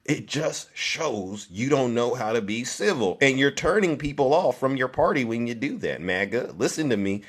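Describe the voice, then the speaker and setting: A man's voice: medium pitch, animated, normal speed, hardly any pauses, slightly rough. Man hosting a sarcastic live-stream commentary. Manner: mock-solemn reading broken up by sarcastic, teasing asides to viewers. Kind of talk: live political commentary, reading a prepared text with ad-libbed asides.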